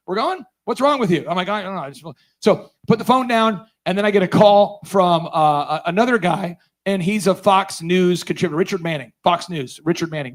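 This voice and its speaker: A man giving a storytelling talk at a conference, acting out the dialogue he quotes. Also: high voice. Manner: animated, acts out quoted dialogue. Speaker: conference speaker.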